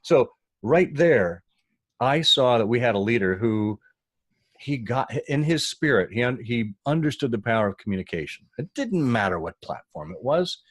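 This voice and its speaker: A man telling a story as a podcast guest, animated and acting out the voices of the people he quotes. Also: mid-range voice, moderate pace, no echo, clean studio sound. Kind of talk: conversational storytelling.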